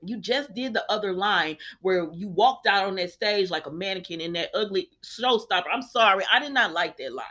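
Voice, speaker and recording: A young adult woman hosting a casual soap opera recap, talking in a sassy, animated way and acting out the characters' lines. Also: mid-range voice, moderate pace, hardly any pauses.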